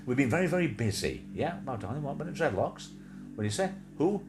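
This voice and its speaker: A man co-hosting a live stream, rambling from joke to joke as he talks to viewers and to his pets. His pitch swings wildly as he chats. The audio carries steady background noise. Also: fast. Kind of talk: casual chat. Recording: noisy home stream audio.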